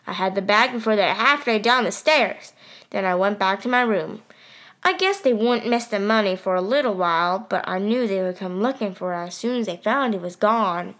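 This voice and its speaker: A woman's voice: mid-range voice, expressive, moderate pace, fairly bright tone. Woman reading a storybook aloud. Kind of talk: first-person storybook narration.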